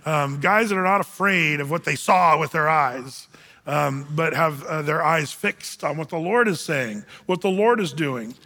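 A man preaching to a room of men, animated and acting out the voices of the people he quotes. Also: fairly high pitch, measured pace. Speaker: men's group speaker. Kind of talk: sermon. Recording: reverberant hall.

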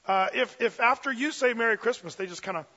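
A man preaching a sermon in an energetic, conversational way with frequent fillers. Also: very high-pitched, fast, big-room sound, muffled recording. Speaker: pastor.

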